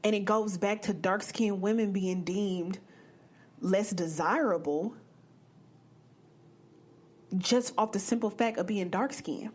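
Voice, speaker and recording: A young woman from the American Midwest hosting a podcast, telling a personal story in a blunt, profane and animated way. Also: medium pitch, takes it slowly, long pauses, breathy edge. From Midwestern United States. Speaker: podcast host. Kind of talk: candid storytelling monologue.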